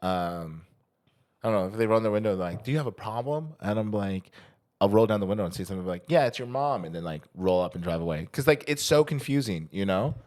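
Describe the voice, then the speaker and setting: Young male co-host, low voice, lively storyteller who swears a lot. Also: fast talker. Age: young adult. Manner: animated storyteller, acts out quotes, swears freely. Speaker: podcast co-host. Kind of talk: casual chat.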